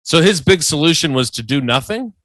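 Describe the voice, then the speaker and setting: A man co-hosting a podcast from a video call, teasing his friend with sarcastic jabs. His pitch swings widely and expressively. The recording is dry and close. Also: lively intonation, a little fast, a bit bright, no echo. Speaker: podcast co-host. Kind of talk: casual chat.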